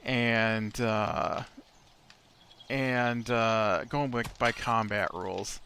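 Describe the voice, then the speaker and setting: A man's voice: fairly low pitch, fairly even intonation, extremely slow, vocal fry, pushed and bright, a little hiss or hum. A man hosting a let's play, telling a rambling story between remarks on the game. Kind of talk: casual gameplay commentary.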